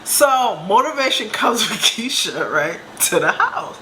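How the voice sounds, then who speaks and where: A young woman casually telling a storytime, animated and laughing, acting out other people's lines in high voices. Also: a little slow, a little hiss or hum. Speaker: storyteller vlogger.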